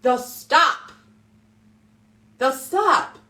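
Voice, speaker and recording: A woman's voice: sits high, lively intonation, very slow, bright, forceful tone. A woman in her thirties, a mom talking casually and animatedly to her followers, emphatic and repetitive. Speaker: mom vlogger. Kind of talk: casual motivational monologue.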